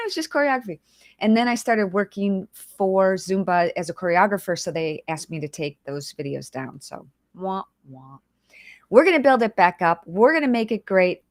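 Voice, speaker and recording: Greeting her viewers by name on a casual livestream, a woman with a medium-pitched voice chats away while fighting back tears. The sound is studio quality with no echo.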